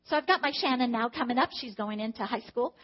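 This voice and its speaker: A middle-aged mother sharing a personal testimony about her children, emotional and animated, acting out the dialogue. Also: a little high, fast. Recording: dull lo-fi recording.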